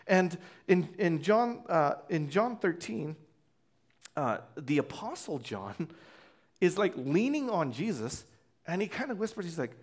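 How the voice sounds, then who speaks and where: A male pastor gives a casual, conversational sermon, slipping into acted voices as he tells the story. His voice sits fairly high and swings widely in pitch, lively and expressive throughout. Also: measured pace.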